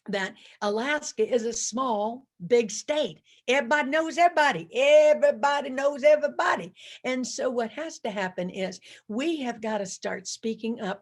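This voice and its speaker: A woman motivational speaker addresses a virtual conference with a slightly high voice. She talks emphatically and with energy, repeating slogans and calling on the audience to say them with her. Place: virtual conference over video call.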